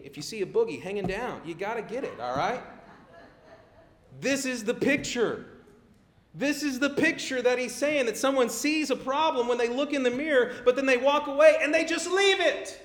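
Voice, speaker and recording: A middle-aged man preaching a sermon in a conversational way. He gets animated when he acts out people pleading. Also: very high voice, normal speed. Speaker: pastor. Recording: echoey room.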